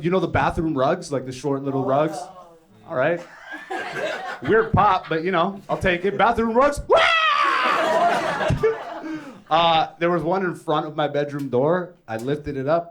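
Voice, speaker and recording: Young male stand-up comic, lively swooping delivery, lots of act-outs, live club crowd laughing. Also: a little high. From Ethiopian, born in Greece, raised in Canada. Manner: profane, conversational storytelling with act-outs. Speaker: stand-up comedian. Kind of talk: stand-up comedy set. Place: comedy club stage. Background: audience laughing.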